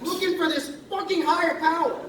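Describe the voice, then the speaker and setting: A man's voice: very high voice, steady tone, brisk, fairly bright tone, a little hiss or hum. A man on a concert stage telling a personal story in a loose, profane, self-mocking way. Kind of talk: live storytelling monologue. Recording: echoey live hall, distant mic, crowd.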